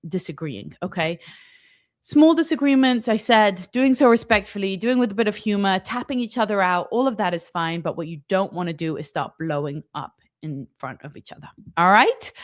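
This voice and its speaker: A woman marriage coach answering viewer questions in an advice video, talking in an animated, emphatic way and checking in often with the viewer. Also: medium pitch. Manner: animated, emphatic, lots of "okay?" check-ins.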